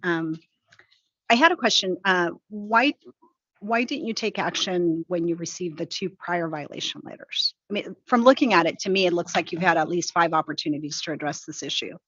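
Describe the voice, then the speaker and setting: Measured woman commissioner, low voice. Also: a bit bright, dry recording, highs cut off. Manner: measured, polite, probing. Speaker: commission member questioning a licensee. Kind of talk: formal hearing questions. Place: hearing room.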